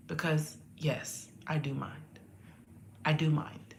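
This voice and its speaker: A woman's voice: sits low, flat delivery, slow, gravelly, pauses often, slight background noise. A woman talking straight to her viewers in a candid monologue, blunt and profane, hammering her points home by repeating them in slangy talk. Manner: addresses viewers directly, slangy. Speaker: vlogger.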